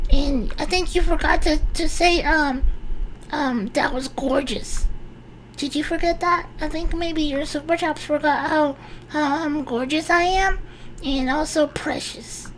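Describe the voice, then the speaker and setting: A woman's voice: sits high, a bit bright, slight background noise, poor audio. A woman voicing a tiny, vain baby boy mascot who reads super chats on a livestream, sweet-voiced and boastful. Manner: sweet-voiced and boastful, then suddenly rowdy. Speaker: super chat reader. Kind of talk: livestream comedy bit.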